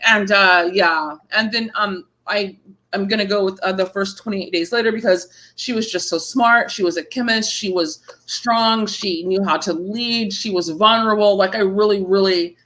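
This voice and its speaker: A woman's voice: medium pitch, moderate pace, poor audio. A woman in her thirties, a horror author, telling stories casually in an interview and acting out the people she quotes. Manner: animated storyteller, acts out quoted voices.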